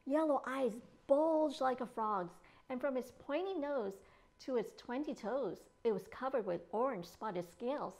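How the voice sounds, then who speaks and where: A woman children's librarian reading a picture book aloud in an expressive storytime manner. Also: high voice, a little slow.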